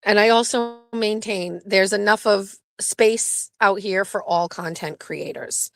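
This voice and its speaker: A woman's voice: medium pitch, unhurried, vocal fry, fairly bright tone, no room sound, studio quality. A woman hosting her own livestream show, chatting in a rambling, blunt and profane way as she jumps between topics. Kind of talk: rambling casual livestream chat.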